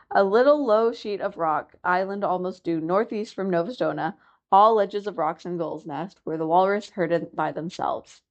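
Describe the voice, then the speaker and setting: A woman narrating a classic chapter book aloud for a library reading program, in a clear, steady storytelling manner. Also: fairly low pitch, lo-fi sound. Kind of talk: audiobook narration.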